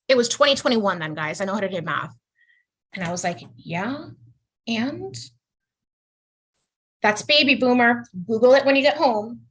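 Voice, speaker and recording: A woman's voice: on the high side, moderate pace, long pauses, slightly rough. A woman in her thirties performing a stand-up set over a video call, acting out quoted voices with big swings. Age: 30s. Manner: animated, jumps into exaggerated quoted voices. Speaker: stand-up comedian.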